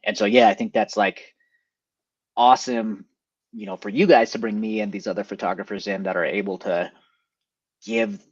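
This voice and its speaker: A man who photographs events and does stand-up comedy, chatting casually and telling stories with lively energy. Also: lowish voice, moderate pace, pauses often, breathy edge, dry recording, highs cut off. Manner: animated storyteller, jumps into quoted voices. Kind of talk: casual chat.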